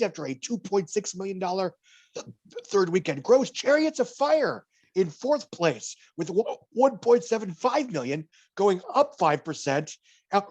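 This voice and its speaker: A man co-hosting a podcast, giving a box office report in casual chat, wry and digressive, slipping dry jokes between figures. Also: high-pitched.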